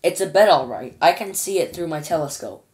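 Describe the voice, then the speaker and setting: A woman's voice: deep voice, lively intonation, fairly quick, darkish tone. A woman voicing a brash male astronaut who talks back casually in a storybook reading. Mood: cocky. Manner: cocky, casual slang, talking back.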